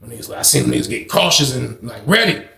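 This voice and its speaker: A man telling a prison story in casual, animated slang full of swearing. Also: medium pitch, fast talker, gravelly, roomy sound.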